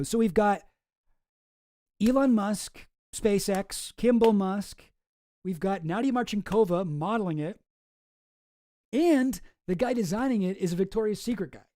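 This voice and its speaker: A man's voice: high voice, moderate pace, warm tone, no echo, clean studio sound. A man hosting a live stream, chatting casually and rambling with lots of swearing and restarts. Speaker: streamer host.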